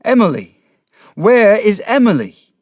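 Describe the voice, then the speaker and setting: A man voicing a big-hearted fisherman who shouts loudly in a storybook reading. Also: a little high, very animated, measured pace, dry recording, clean studio sound, voice pushed up. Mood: anguished. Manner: loud forceful shouting. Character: big-hearted fisherman, loud when upset. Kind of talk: audiobook character voice.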